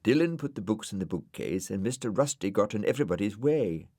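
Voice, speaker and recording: A man narrating a children's storybook aloud with gentle expression. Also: on the low side, lively intonation, brisk, no room sound, clean studio sound. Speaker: audiobook narrator. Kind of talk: storybook reading.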